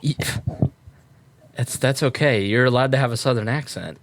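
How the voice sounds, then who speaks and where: A man's voice: medium pitch, moderate pace, no room sound. A man hosting a podcast, chatting casually and teasing his co-host before the show. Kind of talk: casual pre-show chat.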